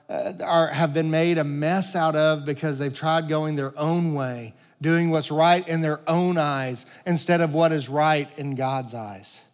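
A man preaching a sermon as pastor, earnest, swelling louder and dropping to quiet emphasis, in a church sanctuary. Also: on the high side. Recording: long reverb of a large hall.

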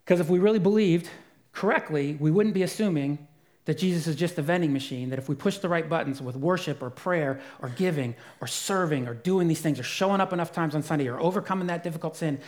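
A man preaching a sermon as pastor, earnest and emphatic, dropping to a soft voice for quiet moments. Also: fairly high pitch.

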